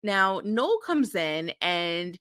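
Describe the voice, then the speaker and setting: Wry, bright-voiced woman. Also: lowish voice, big pitch swings, drawn-out words, clear, resonant tone, dry recording, clean studio sound. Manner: wry, opinionated commentary with frequent "ew" and "like". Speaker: podcast co-host. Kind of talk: casual chat recapping a TV episode.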